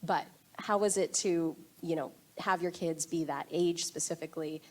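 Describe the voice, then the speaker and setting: A woman's voice: low voice, fairly even intonation, normal speed. A young adult woman interviewing a guest onstage, encouraging and addressing the audience directly. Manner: warm, encouraging, speaks to the audience. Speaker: interviewer, event host.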